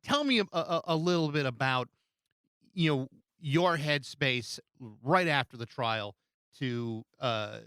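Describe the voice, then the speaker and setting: A man hosting a podcast interview, asking questions in a halting way with repeated words. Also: medium pitch, expressive, pushed and bright, smooth, no room sound, studio quality. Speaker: podcast host.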